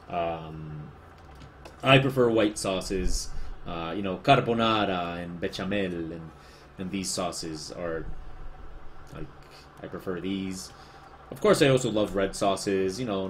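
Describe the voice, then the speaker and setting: Spanish accent guy streaming, kinda low voice, rambly and self-deprecating, reads chat out loud. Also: slight background noise. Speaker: livestreaming artist. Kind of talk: casual livestream chat.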